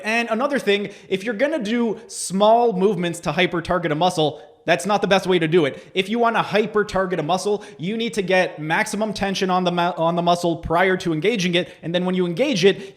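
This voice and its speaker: A man with a fairly high voice reviews workout footage as a health coach. He lectures point by point and turns sarcastic about the claims he is picking apart. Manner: sarcastic, lecturing, explaining definitions. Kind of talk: critical video review commentary.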